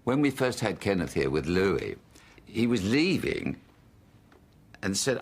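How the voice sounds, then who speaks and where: A man's voice: fairly low pitch, big pitch swings, measured pace, vocal fry, long pauses, husky. A man in a documentary interview, telling an amused anecdote and quoting what others said.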